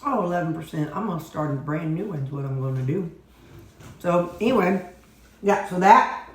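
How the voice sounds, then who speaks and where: A woman's voice: lowish voice, animated, normal speed, slightly rough. A woman vlogging at home in a rambling, chatty, self-deprecating way, talking casually to her camera. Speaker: weight-loss vlogger.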